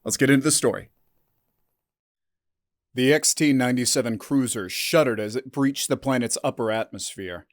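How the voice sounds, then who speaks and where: A man's voice: mid-range voice, normal speed, long pauses, no echo, clean studio sound. Male narrator reading sci-fi story.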